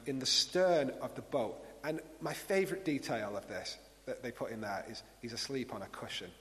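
Man preaching in a reverberant hall. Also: fairly high pitch. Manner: conversational, reflective, with many restarts. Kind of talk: sermon.

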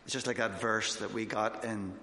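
A man's voice: fairly low pitch, fairly even intonation, moderate pace, creaky, bright, forceful tone. Man preaching in an echoey hall. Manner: conversational, with fillers and restarts. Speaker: missionary preacher. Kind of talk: informal sermon testimony.

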